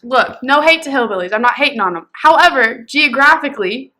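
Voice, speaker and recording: Young woman, podcast co-host, bright and fairly high voice, animated and chatty. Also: a little fast. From American South. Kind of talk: casual chat.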